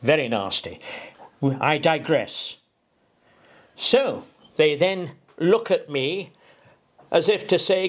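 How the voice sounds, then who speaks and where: A man's voice: on the high side, slow pace, long pauses. A man giving an informal engineering explainer, rambling and digressive, with homely analogies and emphatic delivery. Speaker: presenter explaining an engineering idea.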